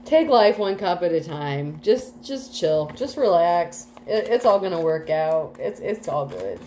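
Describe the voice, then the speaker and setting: A woman's voice: lowish voice, animated, unhurried, warm tone, a little hiss or hum, poor audio. A woman doing a casual tarot reading, chatty and full of fillers, with some casual swearing. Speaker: tarot reader.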